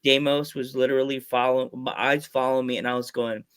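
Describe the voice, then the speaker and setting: A podcast host with a mid-range, fairly bright voice speaks clearly and resonantly, his pitch barely moving. In a casual interview he tells a rambling story, acting out the quoted voices and restarting halfway through sentences.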